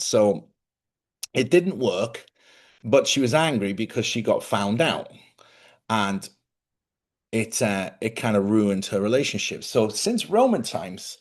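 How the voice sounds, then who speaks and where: A middle-aged man hosting a casual spiritual talk to viewers, chatty and rambling, correcting himself and laughing often. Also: mid-range voice. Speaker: host.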